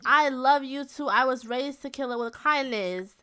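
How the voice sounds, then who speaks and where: A woman voicing a heartbroken, furious young woman sim in a life-simulation game, talking dramatically in her own voice, which sits a touch high. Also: moderate pace, pushed and bright, smooth. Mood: hurt, furious. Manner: dramatic, gossipy.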